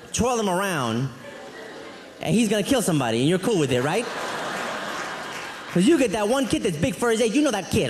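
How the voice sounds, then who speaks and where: A man doing a stand-up routine, rambling and animated through his stories with frequent asides. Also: sits high, noisy background. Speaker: stand-up comedian. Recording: echoey live hall, faint crowd.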